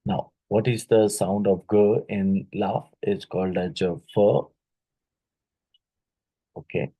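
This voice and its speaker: Man, husky, deep-ish, exam-prep teacher, filler-heavy. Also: fairly even intonation, mellow, rough recording. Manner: halting, with many fillers and "right?" tags; repeats each question aloud.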